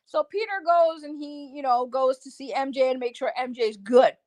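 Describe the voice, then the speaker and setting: Young female vlogger, high-pitched and excitable, casual slangy spoiler-review delivery. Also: normal speed, hardly any pauses. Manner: excitable, slangy, swears freely. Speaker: movie reviewer.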